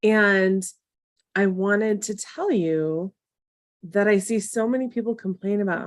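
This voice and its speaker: A woman's voice: medium pitch, a little slow, dry recording. A woman coaching viewers in a casual live stream, chatty and encouraging with tough-love asides. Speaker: marketing coach hosting a live Q&A.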